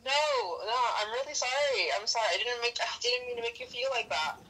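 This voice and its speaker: Lady on the phone giggling, high bright voice, a bit of noise. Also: fast. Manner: giggling, apologetic. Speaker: prank call target. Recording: over a phone line.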